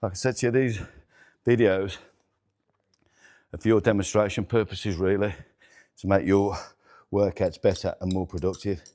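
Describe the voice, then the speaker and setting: A man's voice: sits low, fairly even intonation, normal speed, pauses often, mellow. A middle-aged man hosting a workout demonstration vlog in a gym, counting reps aloud and swearing and groaning as he strains through sets. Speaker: gym owner and host. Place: indoor gym.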